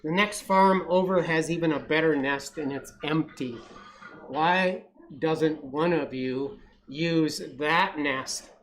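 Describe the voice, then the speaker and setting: Storyteller doing a kind but fed-up male cat, scolding, unhurried, storybook voice. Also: medium pitch, slight background noise, lightly acted, low-quality recording. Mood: exasperated.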